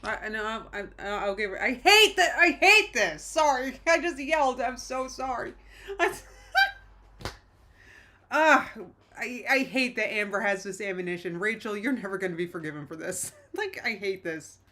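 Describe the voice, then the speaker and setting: A woman's voice: medium pitch, expressive, pushed and bright, a little hiss or hum. A woman streaming from home, reacting to online drama with exasperated, restless commentary. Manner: exasperated, quick reactions, frequent restarts. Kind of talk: casual live-stream commentary.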